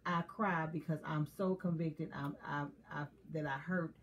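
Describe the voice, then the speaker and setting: A woman's voice: low-pitched, steady tone, a little slow, slight background noise. A woman co-hosting a casual chat who talks candidly and confessionally and often laughs. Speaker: co-host.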